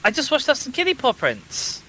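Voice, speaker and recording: A man's voice: extremely high pitch, wildly swooping pitch, moderate pace, bright, forceful tone, low-quality recording. A man chatting with a friend while playing a game together, in a wry and playful way. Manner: wry, playful, lightly sarcastic. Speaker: co-player. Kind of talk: casual gaming chat over voice call.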